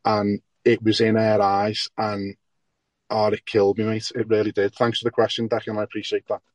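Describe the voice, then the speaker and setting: A man sharing his story at a recovery meeting over a video call, emotional and halting, often repeating words as he speaks. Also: on the low side, completely flat delivery, a little mellow, dry recording.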